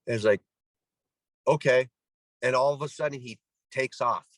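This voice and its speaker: At normal speed and mid-range pitch, a middle-aged Canadian man tells a story, captured in a dry, low-quality recording. Once a pro ball player, he's a guest in an easygoing interview, animated as he acts out the people he quotes, with many restarts.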